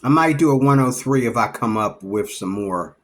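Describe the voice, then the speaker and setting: A man vlogging in a casual storytelling monologue, lively and acting out the people he talks about. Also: medium pitch, moderate pace. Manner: animated, acts out the people he describes.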